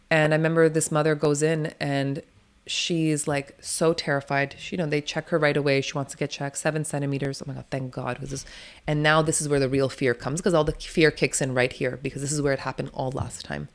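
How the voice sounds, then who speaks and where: A woman, a doula and interview guest, telling her stories in a blunt, emphatic way and swearing freely. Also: deep voice. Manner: rapid, run-on storytelling. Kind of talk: candid storytelling interview.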